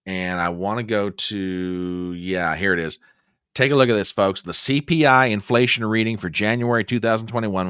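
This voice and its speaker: A man's voice: smooth, no echo, studio quality. A man hosting a political commentary show, ranting angrily and sarcastically. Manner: angry, sarcastic, swinging between low growl and shouting.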